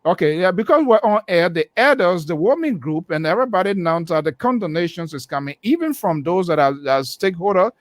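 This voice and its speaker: A man speaking on a radio panel, measured and hesitant with frequent fillers. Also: high-pitched, sing-song.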